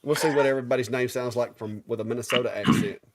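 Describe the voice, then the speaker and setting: A man's voice: mid-range voice, fairly even intonation, fast, a crowd in the background. A middle-aged man with a Southern Alabama accent, co-hosting a live stream in an easygoing drawl and stumbling over names. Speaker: live show co-host. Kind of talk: casual live-stream chat.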